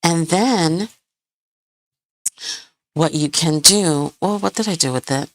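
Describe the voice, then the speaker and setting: Low-voiced, slow, chatty woman crafter. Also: a little hiss or hum. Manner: chatty, rambling, hunts for words, laughs often. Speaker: crafting channel host. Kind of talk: live craft tutorial, chatting with viewers.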